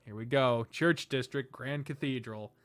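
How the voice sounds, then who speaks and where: A man's voice: mid-range voice, a little slow, fairly bright tone, no room sound, soft background music. A man hosting a let's play, reading a story game aloud with profane laughing asides. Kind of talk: reading a visual novel aloud.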